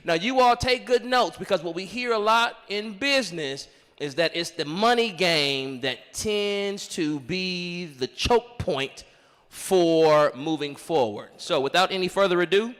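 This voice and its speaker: A man introducing the next speaker at an event, playful and quick. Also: high voice, expressive, fairly bright tone, smooth. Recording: long hall reverb.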